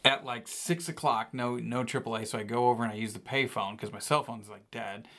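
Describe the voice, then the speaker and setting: A man in his thirties, a podcast co-host, telling a long story casually, animated and full of "like". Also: mid-range voice, fairly quick. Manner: animated, rambling with lots of "like".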